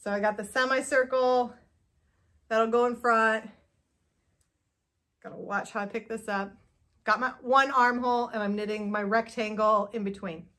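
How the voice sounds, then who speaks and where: A woman's voice: fairly high pitch, steady tone, normal speed, pauses often, a bit bright. A woman hosting a knitting video, chatting casually and nervously to camera with lots of fillers. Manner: chatty and self-doubting, many fillers. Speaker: knitting podcast host.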